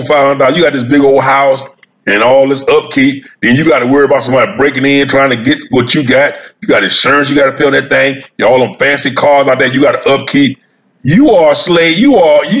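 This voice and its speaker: Sitting outdoors with a cigar, a man vlogs about cigars, talking straight to his viewers in a folksy, repetitive ramble and chuckling along the way. His voice is mid-range with a fairly bright tone, and the recording is dull.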